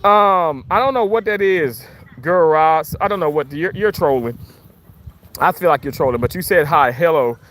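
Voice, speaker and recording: A man's voice: on the high side, normal speed, a bit bright. A man in his thirties from Mississippi with a Southern accent, chatting casually on a livestream, reading comments aloud and laughing often. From Mississippi, USA. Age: 30s. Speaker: livestream host.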